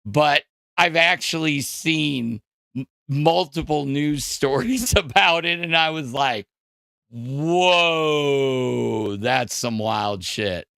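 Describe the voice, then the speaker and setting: A man's voice: fairly high pitch, takes it slowly, creaky, fairly bright tone, smooth, no echo, studio quality. A man hosting a podcast, ranting casually with lots of profanity, fillers and restarts. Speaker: podcast host. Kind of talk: casual crude podcast rant.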